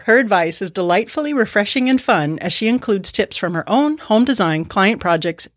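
A woman's voice: medium pitch, no echo, clean studio sound. Giggly enthusiastic woman podcast host. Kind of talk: casual podcast chat.

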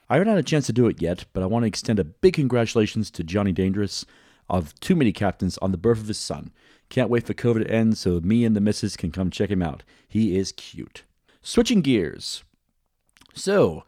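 Low-voiced joking male podcast host. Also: dark tone, no echo, clean studio sound. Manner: jokey, playful banter. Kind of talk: casual chat.

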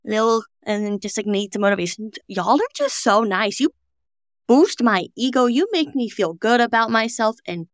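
A young woman co-hosting a podcast, chatting casually in quick bursts with lots of "like". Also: fairly high pitch, no room sound, clean studio sound. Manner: chatty, fast bursts, frequent "like". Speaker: podcast co-host. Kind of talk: casual chat.

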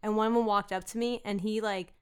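A woman guest on a comedy podcast, telling stories in a fast, rambling way full of details. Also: medium pitch, steady tone, clean tone. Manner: fast, rambling storyteller who piles on details. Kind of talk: casual comedy podcast chat.

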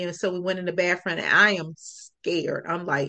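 A woman's voice: lowish voice, fairly even intonation, a little slow, creaky, few pauses, sharp tone. A woman guest on a podcast, telling a personal story in an earnest, reflective way.

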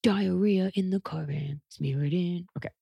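A woman's voice: lowish voice, normal speed, gravelly, breathy edge, no room sound. A woman in her thirties co-hosting a podcast, telling a story in casual chat and acting out the voices of the people in it. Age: 30s. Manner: animated storytelling, acts out voices. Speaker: podcast co-host.

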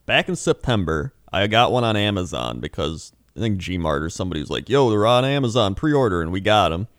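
A man's voice: low-pitched, big pitch swings, brisk, a bit bright, dry recording, studio quality. A young man co-hosting a casual chat podcast, telling a rambling story with lots of fillers and swearing. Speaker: podcast co-host.

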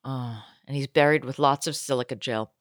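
A woman co-hosting a podcast in casual, joking chat, playful and quick with a gag. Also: extremely low pitch, no room sound, clean studio sound. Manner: joking, playful, bursts into a fast auctioneer voice. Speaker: podcast co-host.

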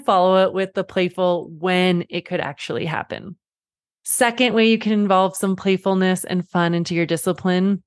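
A woman in her thirties, a parent coach and host, talking casually and chattily, often slipping into a high playful voice to act out quotes. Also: moderate pace, dry recording, clean studio sound. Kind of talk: casual teaching talk.

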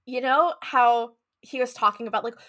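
A woman co-hosting a casual podcast, animated and laughing, acting out scenes in quoted voices. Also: a little high, moderate pace. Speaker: podcast co-host.

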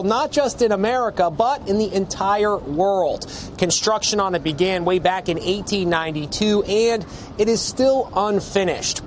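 A man's voice: high-pitched, a little hiss or hum. A man news correspondent narrating a scripted report with dramatic, emphatic delivery.

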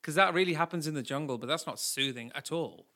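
A man's voice: a little high, fast talker, pushed and bright. A man co-hosting a casual podcast chat, teasing and playful, acting out silly voices in his stories. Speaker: podcast co-host.

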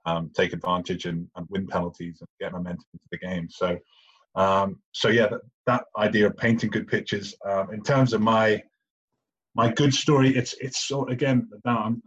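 A young man with a posh English accent tells a rugby story in casual podcast chat. His voice sits low and a little husky, and he laughs at himself and restarts sentences as he goes. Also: highs cut off. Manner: chatty, self-deprecating, restarts often. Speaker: guest, retired rugby player.

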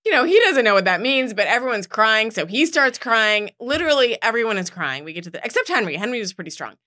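A podcast co-host tells a family story in casual conversation, acting out the voices of the people involved. Her voice is on the high side and she talks fast, an animated storyteller throughout.

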